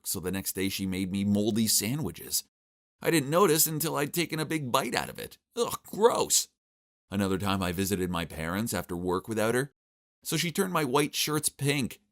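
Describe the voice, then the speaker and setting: A young man narrates his own animated story in a wry, exasperated tone. His voice sits on the low side but swoops widely as he tells it, punctuated by groans and asides. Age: young adult. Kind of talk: scripted first-person story narration.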